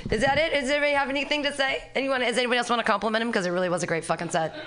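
A woman's voice: fairly high pitch, steady tone, very fast, a bit bright, slight background noise. Enthusiastic woman emceeing a comedy night. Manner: loose, enthusiastic, casually swearing. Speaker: open mic host.

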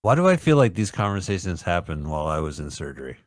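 A man's voice: low-pitched, very animated, fast talker, no room sound. A man co-hosting a casual radio podcast, cracking jokes and making sarcastic remarks about a movie. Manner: joking, sarcastic, riffs on the film. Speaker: podcast co-host. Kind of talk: casual comedic film-review chat.

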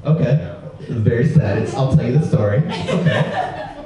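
A man doing a stand-up set at a small comedy venue, deadpan and self-mocking, slowing down for his punchlines. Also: mid-range voice, a crowd in the background. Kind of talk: open-mic stand-up set. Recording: roomy live recording from far off, dull sound.

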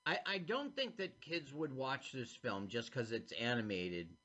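A man co-hosting a podcast, casually commenting on an animated film as it plays, animated and chatty. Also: mid-range voice, a little slow. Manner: animated, talks over the film. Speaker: podcast co-host. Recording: dull lo-fi sound.

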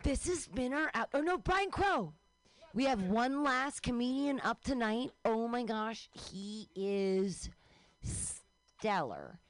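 A woman's voice: fairly high pitch, expressive, slow, no room sound. A woman hosting a comedy show, introducing acts with cheery, gushing praise.

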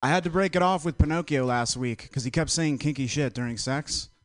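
A man doing stand-up one-liners on a comedy club stage with a dry, deadpan delivery. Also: on the high side, fairly quick, dry recording. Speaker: stand-up comic.

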